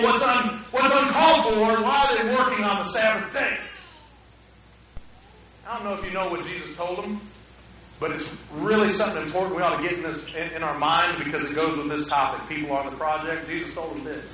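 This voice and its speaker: A pastor preaching a sermon in a conversational way, often putting questions to the congregation, in a church sanctuary. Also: male voice, high voice, sharp tone, a little hiss or hum. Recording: echoey hall, mic at a distance.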